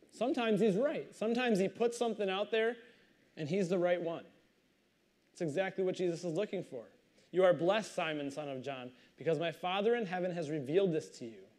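Man preaching a lively sermon. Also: a little high. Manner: animated storytelling, reads scripture then comments conversationally. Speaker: pastor. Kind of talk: sermon with scripture reading.

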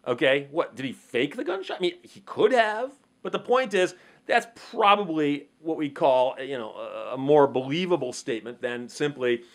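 In an explanatory monologue to camera, a man discusses the law conversationally, firing off rhetorical questions and staging brief courtroom dialogues. His voice is fairly high, with big pitch swings, at a normal pace.

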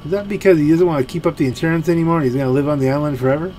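A man's voice: on the high side, rapid-fire, dark tone, a little hiss or hum. A man giving let's play commentary in a rambling, musing way, full of fillers and restarts. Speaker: gameplay commentator.

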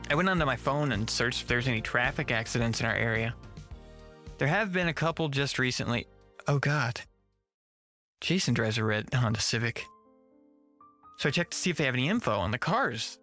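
A man narrating a first-person horror story with a tense, measured reading. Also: medium pitch, lively intonation, bright, forceful tone, soft background music.

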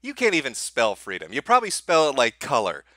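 A man's voice: medium pitch, huge pitch swings, a little fast, fairly bright tone, dry recording. Sarcastic, mocking man ranting. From United States. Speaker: online commentator. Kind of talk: profane comedic rant.

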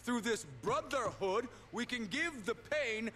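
A swaggering, foul-mouthed biker gang boss in a video game, pitched fairly high and swinging his voice up and down. He preaches and mocks in the same breath. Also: animated, slow pace, bright, forceful tone, soft background music, exaggerated voice. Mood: coaxing. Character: brash male biker gang leader, crude. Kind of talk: video game cutscene acting.

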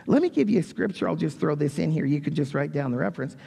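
A man preaching a sermon as pastor, reading scripture and retelling the story in a lively, dramatic way. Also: a little high, fast talker, vocal fry, breathy edge. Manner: reads scripture, then animated retelling with raised voice for quotes. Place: church sanctuary. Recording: long church reverb.

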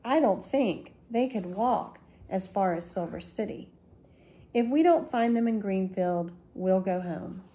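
A woman's voice: medium pitch, lively intonation, measured pace, dark tone. A woman voicing a middle-aged male baker from a storybook who mutters irritably while searching for runaway children. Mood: grumbling.

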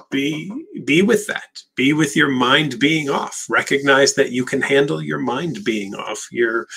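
Bright, husky-voiced male therapist. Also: mid-range voice. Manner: direct and emphatic, repeats words when restarting. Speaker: OCD therapist hosting a live Q&A. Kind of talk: live Q&A answering viewer questions.

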